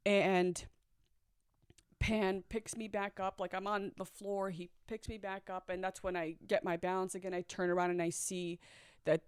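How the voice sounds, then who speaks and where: A woman's voice: mid-range voice, flat delivery, moderate pace, smooth, dry recording, studio quality. Candid woman telling a painful story. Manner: candid, reflective, with nervous laughs. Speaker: storyteller sharing a personal story. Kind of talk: confessional personal storytelling.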